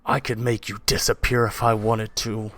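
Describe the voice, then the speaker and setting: A man's voice: lowish voice, little pitch movement, moderate pace, a bit bright, no room sound, natural voice. A man voicing a cruel, domineering middle-aged father in a tabletop game, stern and menacing.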